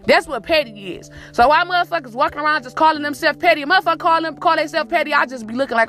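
A woman with a high voice preaches a profane pep talk to her listener, circling back on the same phrases again and again. She calls the listener "my baby" and talks like a podcast host. Faint music plays behind her. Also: rapid-fire, few pauses, pushed and bright. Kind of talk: motivational monologue.

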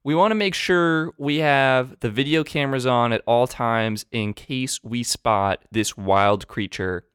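A man's voice: mid-range voice, a little slow, few pauses, a bit bright, clear, resonant tone, no echo. Male co-host with a put-on Australian accent, playful and rambling, recorded dry and close. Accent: mock Australian accent. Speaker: podcast co-host. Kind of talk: casual podcast banter.

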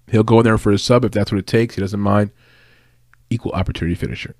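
A man with a fairly low, darkish voice, recorded in studio quality with no room sound, works as a fight analyst and betting tipster. A native English speaker, he offers casual fight predictions and betting tips in a chatty way, full of fillers and laughing at his own remarks.

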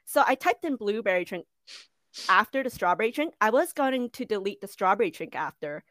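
A woman's voice: mid-range voice, lively intonation, a little fast, a bit bright, no echo. A young woman co-hosting a casual chat, telling stories with frequent laughter. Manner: laughing, conversational storytelling. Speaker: podcast co-host.

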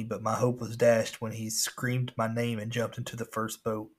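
A man's voice: fairly low pitch, completely flat delivery, normal speed, slightly rough. A man reading a scary story aloud as a podcast host, with casual asides.

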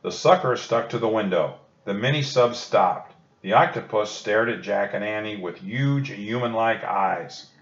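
Gentle and reassuring toward children, a low-voiced male reader works slowly through a storybook aloud. Everything sounds muffled, with a dull room echo.

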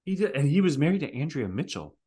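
A man's voice: on the high side, sing-song, quick pace, dark tone. A man co-hosting a podcast, trading playful, joking banter about a TV show. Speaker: podcast co-host. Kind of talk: casual chat about a TV show.

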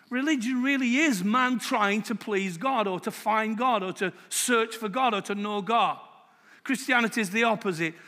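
A British preacher man delivering a sermon with a high, bright voice. He talks emphatically, dropping low and quiet, then rising loud. His voice rings out with a long reverb, as if in a large hall.

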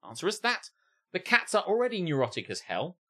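A man co-hosting a comedy podcast performs a comedic reading of an online post, riffing with laughter, swearing and mock voices in an animated manner. His voice is high-pitched and fairly quick.

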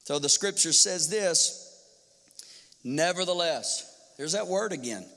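A male pastor preaching a sermon in an animated style, firing off rhetorical questions and acting out quotes. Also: a little high, normal speed, creaky. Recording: long hall reverb.

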